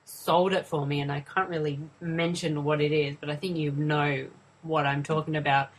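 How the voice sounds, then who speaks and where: A woman's voice: deep voice, level tone, moderate pace, breathy edge, low-quality recording. A woman in a casual film review chat, earnest and hesitant, with many ums. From Australia.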